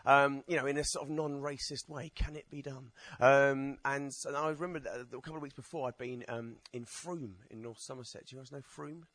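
A man's voice: mid-range voice, fairly even intonation, brisk, hardly any pauses, a bit bright, no echo. Man, stand-up poet, rambling, self-deprecating, dry sound. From Essex, England. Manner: rambling, self-mocking, chatty with the crowd. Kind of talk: stand-up comedy with poetry performance.

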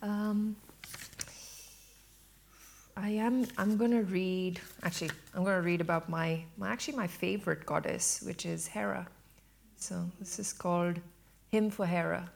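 Woman poet, slow measured recitation, lowish voice. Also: fairly even intonation, creaky. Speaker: poet reading her work. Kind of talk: poetry reading.

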